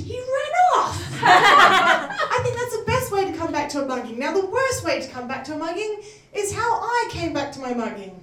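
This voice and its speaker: A woman's voice: very high voice, very noisy. Giggly woman doing stand-up. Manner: giggly, self-deprecating, laughs through lines. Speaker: stand-up comedian. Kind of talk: stand-up comedy set. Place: live comedy venue. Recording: echoey room heard from a distance.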